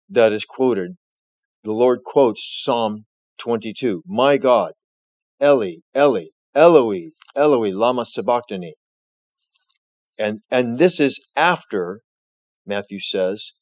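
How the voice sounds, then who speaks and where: Slow, emphatic male preacher. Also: mid-range voice, no echo. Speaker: pastor. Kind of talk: sermon.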